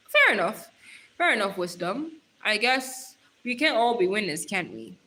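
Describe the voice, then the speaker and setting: A woman's voice: mid-range voice, sing-song, a little slow, pushed and bright, rough recording. A young woman hosting a casual livestream on her phone, reading out viewer comments and talking straight to them in a chatty, giggly way. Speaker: livestream host.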